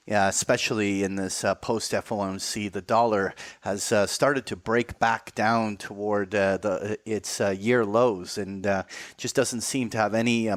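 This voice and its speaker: A man's voice: on the low side, no room sound. A man co-hosting a markets podcast, reviewing charts in a methodical way with many fillers. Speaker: podcast co-host.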